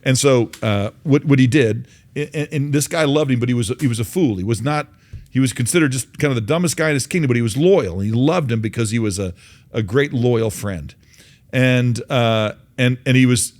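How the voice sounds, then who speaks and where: A man's voice: medium pitch, normal speed, darkish tone. A man hosting an interview, telling a folksy parable in an earnest way with many restarts. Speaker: host. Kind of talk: faith-based interview, storytelling.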